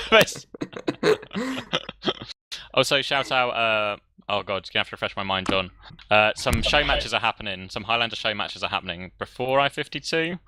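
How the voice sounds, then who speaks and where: Bright, giggly man giving rambling shout-outs. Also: fairly low pitch, sing-song, moderate pace, long pauses, slight background noise. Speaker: tournament caster. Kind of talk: casual stream wrap-up chat.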